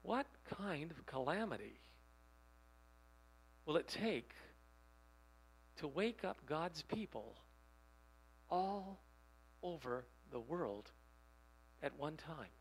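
A man preaching a sermon, reading quotations slowly and putting rhetorical questions to his listeners. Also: on the high side, big pitch swings, slightly rough, poor audio. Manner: emphatic, rhetorical questions to the audience; reads quotations aloud slowly.

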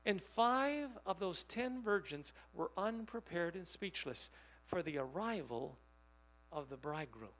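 A man preaching a sermon, reading quotations slowly and putting rhetorical questions to his listeners. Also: sits high, animated, a bit bright, rough recording. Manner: emphatic, rhetorical questions to the audience; reads quotations aloud slowly.

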